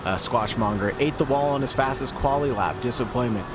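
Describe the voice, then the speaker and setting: A man calling live sim racing play-by-play, steady and a little teasing, reading out chat. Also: mid-range voice, fairly quick, noisy background.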